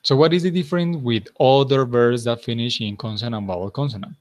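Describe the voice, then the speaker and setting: A man's voice: mid-range voice, a little mellow. Patient Colombian male English teacher. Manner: patient, encouraging, corrects slowly. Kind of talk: online class teaching.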